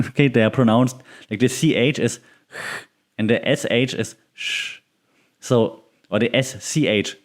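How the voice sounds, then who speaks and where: Solo podcast host: German-accented man in his forties, playful, chatty, quick to laugh. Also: medium pitch, a little mellow. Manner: chatty, joking, laughs often.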